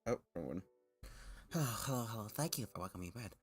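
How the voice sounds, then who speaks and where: With faint music behind him, a man speaks briskly and animatedly in a fairly low voice while chatting casually with his stream audience. Slightly nervous and self-conscious, he rambles, laughs frequently, and keeps making false starts and restarting.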